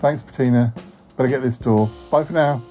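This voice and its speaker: A podcast host plays himself in a comedy sketch, talking fairly quickly in a mid-range male voice, hesitant and stammering. The recording sounds dull and lo-fi, with faint music behind him.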